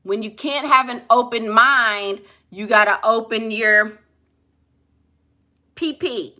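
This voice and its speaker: A woman's voice: fairly high pitch, little pitch movement, a little slow, pushed and bright. A woman with a New Orleans accent giving blunt, sassy relationship advice in a casual, colloquial way. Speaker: relationship coach.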